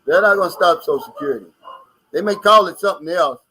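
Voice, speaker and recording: A man's voice: high-pitched, fast talker, pushed and bright, slightly rough, rough recording. An American man hosting a casual live stream, reading out viewer comments and chatting about them. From United States.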